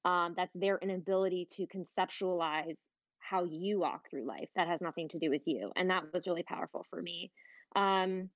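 A woman's voice: lowish voice, moderate pace, no room sound, lo-fi sound. A woman in her thirties hosting a live talk, speaking earnestly and conversationally about her children. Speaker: host of a live online talk. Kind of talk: casual heartfelt talk.

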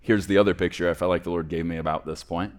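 A man preaching a sermon, rising to loud emphatic peaks and dropping to soft, hushed phrase endings. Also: low-pitched, fairly even intonation, fast. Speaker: pastor.

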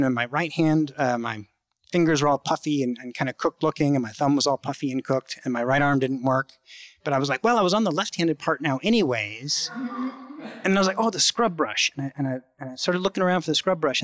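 A man telling a true personal story in a casual, halting way, full of fillers and restarts, jumping higher when he acts out quoted lines. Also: dry recording. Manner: acts out quoted lines with sudden high pitch.

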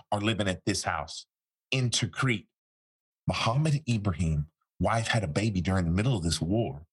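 A man's voice: on the low side, lively intonation, a little fast, slightly rough. A man, a former interrogator, telling a story in an interview and acting out the quoted dialogue.

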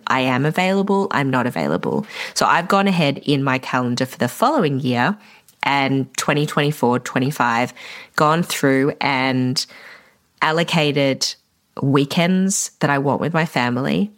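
A woman's voice: extremely low pitch, normal speed. A woman, a wedding photographer hosting a solo podcast, talking reflectively and encouragingly to fellow vendors. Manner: reflective, encouraging, a little emotional at times.

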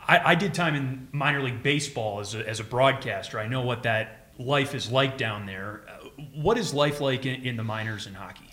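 A man's voice: medium pitch, normal speed, hardly any pauses, bright, forceful tone, echoey room. A podcast host asking a question, first relating his own past as a broadcaster. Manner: conversational, relates own experience before asking. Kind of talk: interview question.

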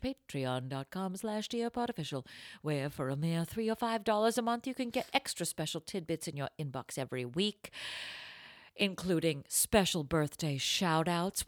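A female comedy podcast co-host with a low-ish voice jokes through the chat and reads ads in animated, playful announcer bursts. The recording is dry and of studio quality.

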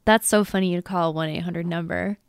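A woman co-hosting a comedy podcast, chatty and quick to laugh. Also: fairly low pitch, steady tone, smooth, no room sound. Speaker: podcast co-host. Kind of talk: casual comedic chat.

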